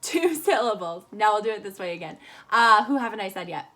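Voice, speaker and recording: A woman teaching a children's lesson over video from home, cheerful, slow and clear for young kids. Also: mid-range voice, lively intonation, sharp tone. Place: home room. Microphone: phone camera at arm's length.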